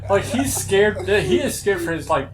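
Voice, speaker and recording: A young man telling stories in casual chat, swearing often, laughing a lot and loudly acting out what people said. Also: high-pitched, animated, normal speed. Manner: profane, laughing, acts out quotes loudly. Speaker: podcast co-host.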